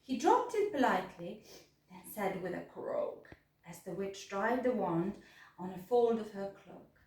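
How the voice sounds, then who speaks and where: A woman's voice: mid-range voice, lively intonation, measured pace, far from the mic, background noise. Sing-song woman reading a picture book aloud. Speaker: storyteller. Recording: echoey room, voice a bit off-mic.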